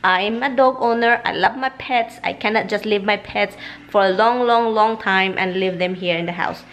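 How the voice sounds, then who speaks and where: A woman's voice: mid-range voice, moderate pace, fairly bright tone. A woman from the Philippines with a Filipino accent, chatting casually to the camera in a vlog, switching languages and laughing as she tells stories from home. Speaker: vlogger. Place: at home, then in a car.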